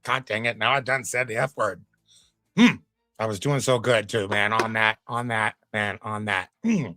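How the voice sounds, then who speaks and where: Laid-back low-voiced male streamer. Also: fairly even intonation, moderate pace, sharp tone, faint music behind. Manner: laid-back, folksy, drawling asides. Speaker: reaction streamer. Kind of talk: casual live commentary.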